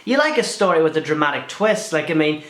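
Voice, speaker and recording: A man's voice: a little high, quick pace. Chatty young man, echoey. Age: young adult. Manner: chatty, swears freely, animated asides. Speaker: video blogger. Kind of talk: casual Q&A vlog.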